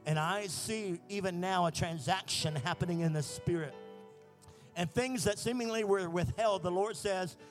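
An American man preaching a prophetic sermon, telling stories and building to shouted fervor. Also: high voice, normal speed, soft background music. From United States.

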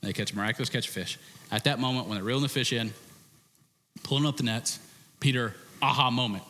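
A male preacher giving an animated, conversational sermon with frequent restarts. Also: medium pitch, fast talker, a little hiss or hum. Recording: reverberant hall.

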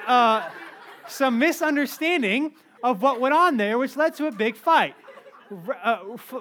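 A man in his thirties preaching a sermon, telling funny stories in an animated, joking way. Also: sits high. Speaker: pastor.

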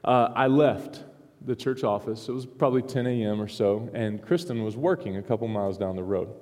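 A man's voice: on the low side, a little fast, a little mellow. A middle-aged man pastor telling a story in a sermon, rambling with restarts and little chuckles. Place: church sanctuary. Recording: long hall reverb.

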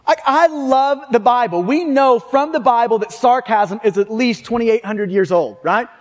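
A male preacher with a very high voice for a man, delivering a sermon in a chatty, conversational way. He keeps checking in with the listeners and often restarts his sentences. His voice trails off into the long reverb of a large church hall. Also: normal speed. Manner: conversational, frequent tag questions and restarts. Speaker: pastor.

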